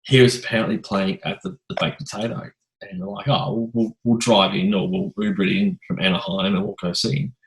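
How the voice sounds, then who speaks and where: A man hosting a podcast, telling a rambling, animated anecdote in casual chat. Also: fairly low pitch, brisk, vocal fry, low-quality recording. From Australia. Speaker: podcast host.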